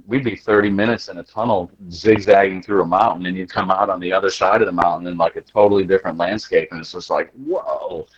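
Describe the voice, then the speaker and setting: A man's voice: low voice, muffled recording. A man telling travel stories in casual chat, acting out quotes and laughing as he goes. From United States. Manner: animated, acts out quotes with laughter. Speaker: podcast guest. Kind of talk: casual storytelling.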